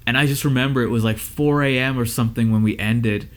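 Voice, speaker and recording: A man's voice: medium pitch, steady tone, fast. A man who is a music engineer and teacher, giving casual advice and stories to his students in a loose, conversational way with lots of fillers.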